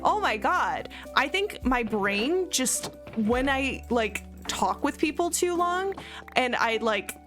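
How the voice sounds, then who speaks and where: A young woman talks casually while she plays, wandering through stories with plenty of fillers and laughs. Her voice sits a little high. Music plays clearly underneath. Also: lively intonation, slow, fairly bright tone. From United States. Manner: rambling, laughing often, many fillers. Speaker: streamer. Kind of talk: casual chat while gaming. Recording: music playing behind her.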